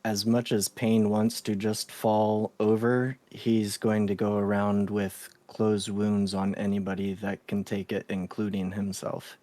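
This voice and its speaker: Male tabletop player, low, dry recording, casual and a bit unsure. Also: completely flat delivery, a little slow, hardly any pauses, mellow, dry recording.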